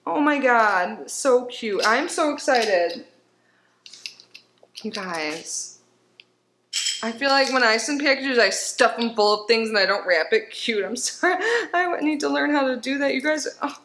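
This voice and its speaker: A middle-aged woman hosting a casual unboxing video, gushing and excitable, often gasping and laughing at each item from her desk at home. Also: fairly high pitch, measured pace. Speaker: YouTube unboxing channel host. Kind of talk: casual unboxing chat to camera. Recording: roomy home room with faint noise.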